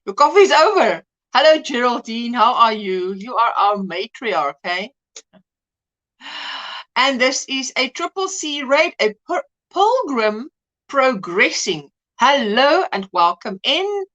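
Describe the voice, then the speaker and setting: A woman hosting a casual crafting livestream, chatting and greeting viewers one by one by name with quick asides. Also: a little high. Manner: animated, quick asides and laughs. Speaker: livestream host.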